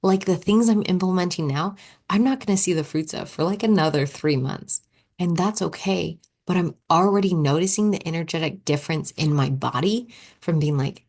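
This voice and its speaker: A young woman with a low voice hosts a solo podcast as a coach. She talks in a loose, chatty way and keeps acting out her own thoughts as quoted asides. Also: lively intonation, moderate pace, darkish tone.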